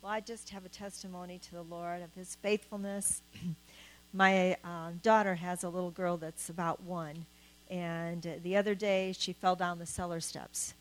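A woman's voice: on the low side, slight background noise, rough recording. Earnest older woman testifying. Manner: earnest storytelling, acts out the voices she quotes. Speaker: church member giving testimony. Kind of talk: spoken testimony.

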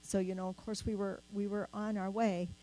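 A woman's voice: mid-range voice, level tone, moderate pace, warm tone, low-quality recording. Earnest older woman testifying. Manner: earnest storytelling, acts out the voices she quotes. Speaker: church member giving testimony. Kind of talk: spoken testimony.

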